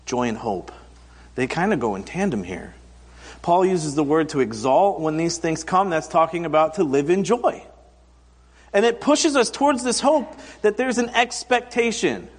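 A man's voice: a little high, animated, moderate pace, breathy edge. A man in his thirties preaching a conversational sermon, telling stories and acting out quoted voices for humor. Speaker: pastor. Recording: long hall reverb.

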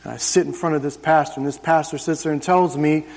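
A man's voice: fairly high pitch, steady tone, quick pace, a little mellow. A man in his thirties telling his personal testimony to a church congregation, in an emphatic, conversational storytelling way. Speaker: church member giving testimony. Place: church service. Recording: reverberant church hall.

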